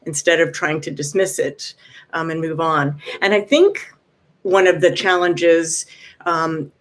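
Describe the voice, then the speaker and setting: Soft-spoken lady vlogger, kind and encouraging, lots of little pauses and ums, chatting to a viewer. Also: low-pitched. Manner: gentle and encouraging, pauses often with "um". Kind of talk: casual heartfelt advice talk.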